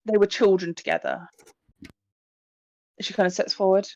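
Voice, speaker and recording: A woman running a tabletop horror game as game master, narrating in a relaxed way full of fillers. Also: mid-range voice, normal speed, pauses often, no echo, highs cut off.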